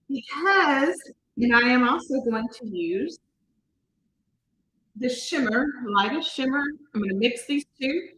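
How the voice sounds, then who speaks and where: A woman with a fairly high, bright voice and a husky edge walks through a makeup look step by step. She is chatty and casual, and now and then quizzes the viewers. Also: poor audio. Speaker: makeup artist demonstrating products.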